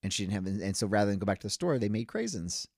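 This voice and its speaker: A man's voice: lowish voice, big pitch swings, rapid-fire, a little mellow, dry recording, studio quality. A man co-hosting a podcast, chatting in an easygoing way, often restarting words and giving short encouraging replies. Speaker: podcast co-host. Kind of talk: casual chat.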